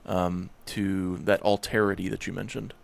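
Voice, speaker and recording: A man's voice: low voice, little pitch movement, normal speed, gravelly. A man hosting a podcast, thinking aloud in a hesitant way with frequent restarts. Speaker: podcast host. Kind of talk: conversational theological discussion.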